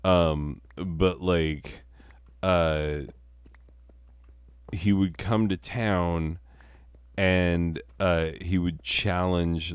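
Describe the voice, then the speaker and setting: A man's voice: deep voice, smooth, no room sound, studio quality. A young man who is stoned and tells a rambling, profane story full of fillers while he plays a video game at his computer. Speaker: comedy storyteller and gamer.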